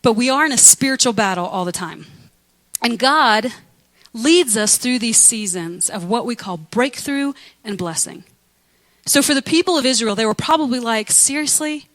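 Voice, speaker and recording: A woman pastor preaching a lively, conversational sermon, acting out biblical figures with humor. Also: on the high side, normal speed, poor audio.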